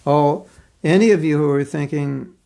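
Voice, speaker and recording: Gravelly, earnest male spiritual teacher. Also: on the high side. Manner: earnest, expressive storytelling with pauses. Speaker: spiritual teacher giving a class. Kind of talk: devotional class, reading aloud and commenting on a story.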